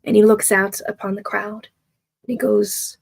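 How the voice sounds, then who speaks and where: A woman game master narrating a tabletop game in a halting way, with many fillers and restarts. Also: mid-range voice, little pitch movement, gravelly.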